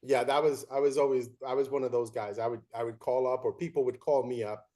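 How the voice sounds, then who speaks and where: A man's voice: mid-range voice, fast talker. A man hosting a casual chat about umpiring, telling stories and acting out the voices of players and coaches. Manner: animated storyteller, acts out quotes. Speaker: podcast host.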